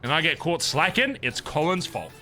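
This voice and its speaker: A man livestreaming a roleplay game, chatting casually and ranting loudly with lots of swearing. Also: a little high, very animated, moderate pace, soft background music. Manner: loud, profane, ranting. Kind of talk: casual streaming chat and ranting.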